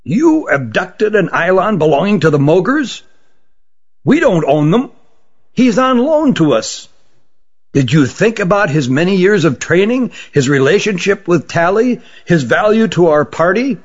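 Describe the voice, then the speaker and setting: A man's voice: sits high, voice pushed up, heavily acted. Stern old magician, raised and scolding, dull recording as a male narrator puts him on. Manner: scolding, indignant.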